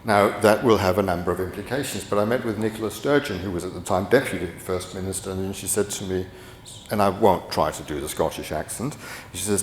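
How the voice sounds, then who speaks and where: Deep-voiced man lecturing in an echoey hall. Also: brisk, slight background noise. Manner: rambling, many restarts and fillers. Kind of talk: conference talk. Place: conference hall.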